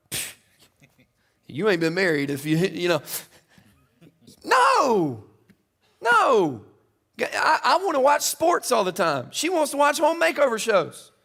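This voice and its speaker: A middle-aged man preaching a sermon in a church, chatty and casual, building to loud, emphatic peaks. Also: high voice. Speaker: pastor. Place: church auditorium.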